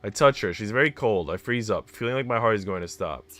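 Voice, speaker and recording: A man streaming himself reading a visual novel aloud, expressive and reacting out loud between lines. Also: on the low side, fast talker, a little hiss or hum. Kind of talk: dramatic read-aloud with commentary.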